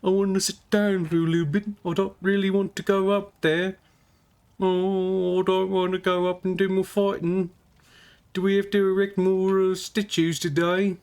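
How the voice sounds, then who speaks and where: A man's voice: high voice, little pitch movement, normal speed, darkish tone, clean tone, pitched above the performer's own voice. A man voicing a weary male goblin who grumbles and complains in a sighing, whiny way.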